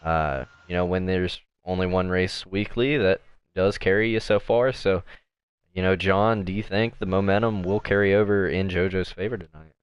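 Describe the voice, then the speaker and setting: Low-voiced casual male race commentator. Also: fairly even intonation, moderate pace, clear, resonant tone, highs cut off. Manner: casual, filler-heavy play-by-play. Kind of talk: sim racing commentary.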